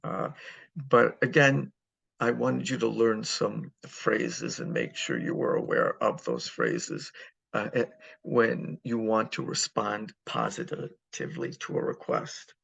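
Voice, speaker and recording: A man teaching a Spanish lesson, going over phrases patiently and repeating them slowly, with many fillers. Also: lowish voice, animated, vocal fry, fairly bright tone, husky, highs cut off. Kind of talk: recorded online lesson walkthrough.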